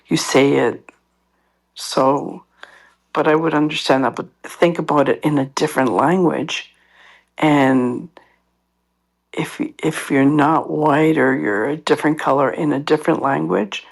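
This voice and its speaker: A woman with a low, gravelly voice trades stories on a casual podcast chat. Her tone carries a husky edge. She slips into the voices of the people in her story as she talks. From Latin American heritage. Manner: animated storyteller who acts out other people's voices. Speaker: podcast co-host.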